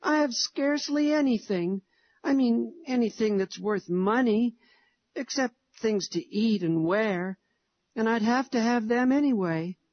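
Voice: medium pitch, slow, dry recording, dull audio, voice pushed up. A reader voicing a small, sad boy who pleads through tears that his family is poor. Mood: sobbing. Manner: pleading, tearful.

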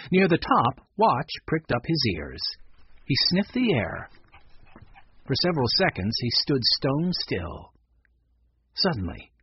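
A man reads a children's story aloud with a husky voice. His pitch rises and falls widely as he tells it. The recording is dry and slightly dull. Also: dry recording. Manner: lively expressive reading. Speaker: narrator. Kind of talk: storybook reading.

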